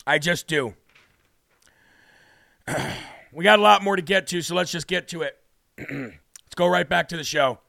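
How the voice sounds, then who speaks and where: A man's voice: fairly high pitch, creaky, bright, forceful tone, no echo, clean studio sound. A man hosting a talk radio show, emphatic and repetitive, preaching in a worked-up monologue. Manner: emphatic, repeats phrases, preacher-like cadence. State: emotionally worked up.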